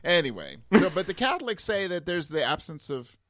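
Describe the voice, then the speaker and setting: A man talking casually about faith and coffee, telling stories with animated asides. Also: on the high side, brisk, no echo, clean studio sound. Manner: animated storyteller, mimics a Texas preacher. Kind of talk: casual conversation.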